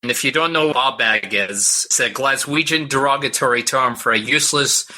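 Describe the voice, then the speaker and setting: A man's voice: medium pitch, brisk, bright, forceful tone. A man co-hosting a comedy podcast, making blunt and crude quips. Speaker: podcast co-host. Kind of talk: casual comedy podcast banter.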